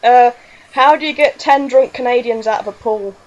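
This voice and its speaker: A woman's voice: a little high, normal speed, low-quality recording. A woman hosting a fan radio chat, giggly and mock-exasperated. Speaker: host. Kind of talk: casual chat.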